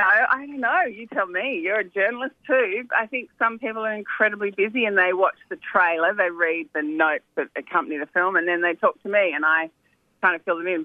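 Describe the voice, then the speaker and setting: A woman's voice: lowish voice, no room sound. A middle-aged documentary filmmaker, a woman, chatting animatedly as a phone-in guest. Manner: chatty, animated storytelling with asides. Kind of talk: phone interview. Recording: tinny phone line.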